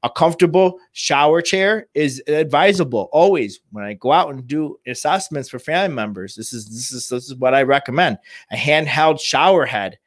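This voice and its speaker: A man who works in home care, giving informal advice to families and talking in halting bursts full of restarts and fillers. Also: on the high side, dry recording, clean studio sound. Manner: halting, many restarts and "you know" fillers.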